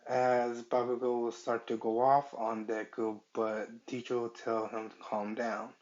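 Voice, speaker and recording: A man improvising a fan-fiction story, halting and searching for words as he goes, on a dull lo-fi recording. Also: mid-range voice, flat delivery, a little mellow.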